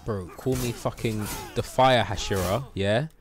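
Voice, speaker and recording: This British man streams a game live, bantering playfully with his chat, cracking jokes and muttering at the game. His voice sits on the low side, and he speaks without hurry.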